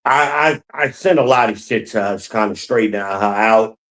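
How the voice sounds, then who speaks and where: Poor audio captures a man speaking at normal speed in a lowish, slightly bright voice, alone on the podcast he hosts. He vents bluntly and casually with plenty of profanity, rambling and going back over his points.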